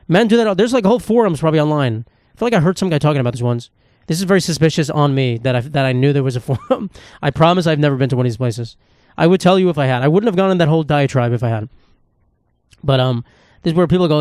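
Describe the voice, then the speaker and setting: A man's voice: a little high, expressive, quick pace, a little mellow, dry recording, studio quality. A man hosting a podcast in a casual comedic monologue, ranting profanely and rambling with restarts. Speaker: podcast host. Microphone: podcast microphone.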